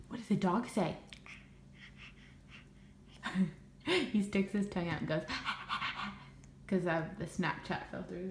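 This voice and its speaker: Young mom, sing-song coaxing voice, in an echoey room with a faint hum. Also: female voice. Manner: sing-song and encouraging, swooping up in pitch. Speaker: mother. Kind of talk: coaxing her toddler on camera.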